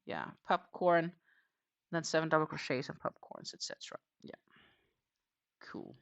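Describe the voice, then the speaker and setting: A crochet livestream host chatting casually while working, rambling with lots of hesitations and quietly counting stitches. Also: medium pitch, huge pitch swings, unhurried, gravelly, dull audio. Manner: rambling and hesitant, many fillers, counts stitches under breath.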